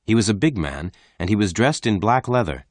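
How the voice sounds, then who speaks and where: Male narrator, very low voice, dry close mic, slow clear reading. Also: animated, no echo. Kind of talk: scripted story narration.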